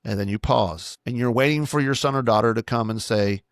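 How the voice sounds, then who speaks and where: A man's voice: medium pitch, brisk, no echo, clean studio sound. A man, a pastor, teaching parents on his own podcast in a plain-spoken, instructive way and repeating his key points.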